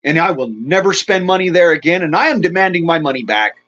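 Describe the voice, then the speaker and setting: Fast and expressive, with a fairly high, fairly bright voice, the middle-aged streamer swears through an agitated, angry rant while also greeting chat. Sound quality is dull and lo-fi.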